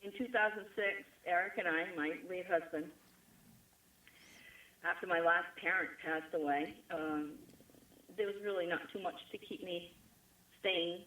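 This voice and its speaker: A woman's voice: on the low side, fairly even intonation, a little slow, pauses often, sharp tone, rough recording. Rhode Island woman with strong accent. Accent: Rhode Island New England. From Rhode Island, USA. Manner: chatty, emphatic, laughs often. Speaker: interview guest. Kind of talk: conversational interview.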